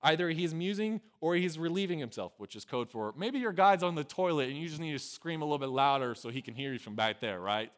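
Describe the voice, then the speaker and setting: A man preaching a casual storytelling sermon, conversational and peppered with "right?", who swings from loud acted lines to quiet, low asides. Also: animated, fast, hardly any pauses. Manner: conversational, with a frequent tag "right?". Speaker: pastor.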